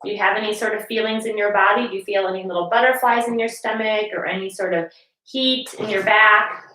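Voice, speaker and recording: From her couch at home, a woman leads a family yoga class, speaking to children patiently and encouragingly. Her medium-pitched voice is steady, bright, forceful, and a little fast, captured in a reverberant, low-quality recording.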